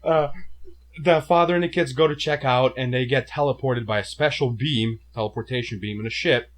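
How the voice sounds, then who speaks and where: A man's voice: mid-range voice, brisk. A man co-hosting a casual movie review, retelling the plot with mouth sound effects and stumbling restarts. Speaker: co-host of a movie review show.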